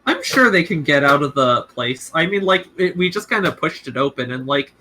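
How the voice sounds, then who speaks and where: Lively bright-voiced woman gaming with friends. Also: low voice, moderate pace, a little hiss or hum. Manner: chatty, many likes, eager about birds. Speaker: player. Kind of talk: casual tabletop game chat.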